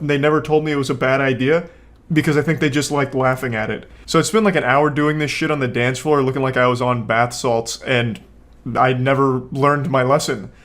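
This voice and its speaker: A young man giving casual commentary on a video clip, with a dry, deadpan, sarcastic delivery, relaxed pacing and casual swearing. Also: medium pitch. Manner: relaxed, unhurried storytelling with frequent fillers. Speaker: YouTube commentator.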